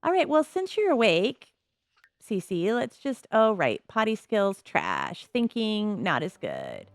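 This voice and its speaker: A woman chatting casually as she plays a life-simulation game, musing aloud with soft laughs. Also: medium pitch, huge pitch swings, slow, no echo. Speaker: gameplay commentator.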